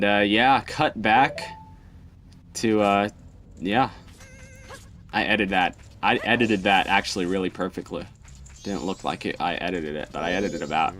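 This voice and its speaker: A man's voice: sits low, a bit bright. A young man hosting a let's play, rambling in casual gameplay commentary with plenty of ums and self-deprecating asides. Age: young adult.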